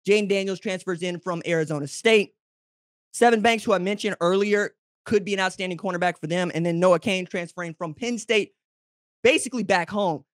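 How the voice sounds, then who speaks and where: A man hosting a college football show, giving brash, teasing commentary straight to his audience and jumping high and loud when he gets excited. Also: fairly quick, no room sound, studio quality. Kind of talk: opinionated sports commentary to camera.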